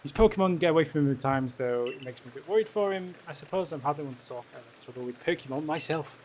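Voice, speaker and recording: A man's voice: a little high, lively intonation, quick pace, darkish tone, a little hiss or hum, lightly acted. A man voicing a clumsy, posh British male professor in a game. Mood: genial.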